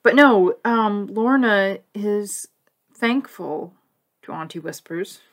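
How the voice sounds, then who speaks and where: With a mid-range voice and an unhurried pace, a woman co-hosting a podcast chats conversationally about a cartoon, animated and often laughing.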